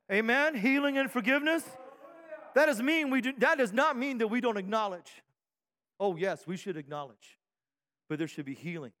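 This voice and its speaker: A pastor preaching a fervent sermon, firing off repeated rhetorical questions and calling for amens from the congregation. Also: male voice, high voice, a bit bright. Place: church sanctuary. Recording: long hall reverb from a church.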